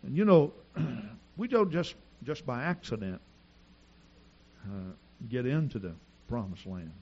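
A middle-aged man preaching a sermon, telling stories in an animated, repetitive way with frequent restarts. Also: medium pitch, slow, breathy edge, highs cut off. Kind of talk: sermon with storytelling.

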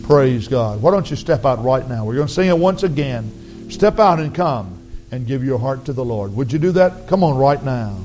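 A man preaching an altar call, his raspy voice earnestly pleading with the congregation to come forward. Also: medium pitch, expressive, normal speed, warm tone, faint music behind, rough recording. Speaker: pastor. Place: church sanctuary.

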